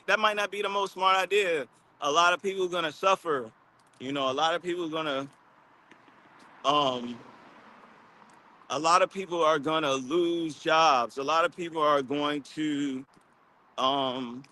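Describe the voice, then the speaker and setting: A man from Baltimore, USA, with a Baltimore accent chats on a livestream while walking outdoors, loose, rambling and slangy, full of fillers. His voice is on the high side, pushed and bright.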